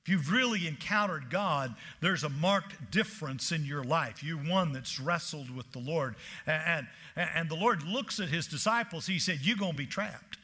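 A male preacher delivering a sermon in a high, ringing voice. He talks in animated bursts, stammering on restarts and slipping into the voices of the people he quotes. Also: normal speed, few pauses, slightly rough.

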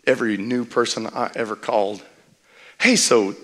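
A male pastor delivering a sermon in an easy, conversational manner, with a voice of middling pitch. He tells stories from the pulpit and then swells into emphatic, rising passages. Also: steady tone, normal speed, fairly bright tone. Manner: conversational, storytelling, builds to emphatic rises.

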